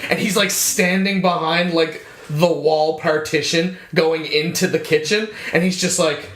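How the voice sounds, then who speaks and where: A young man co-hosting a podcast, with a fairly high voice, telling stories in a lively way and swearing freely. He acts out the scenes as he goes. The recording carries a roomy echo. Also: moderate pace. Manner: animated storyteller, swearing, acting out scenes. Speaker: podcast co-host. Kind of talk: casual chat. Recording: roomy sound.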